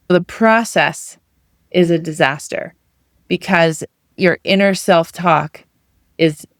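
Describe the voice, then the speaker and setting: A woman's voice: fairly low pitch, no echo, clean studio sound. A middle-aged woman coach giving a motivational talk in a conversational way, full of rhetorical questions. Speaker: weight loss coach.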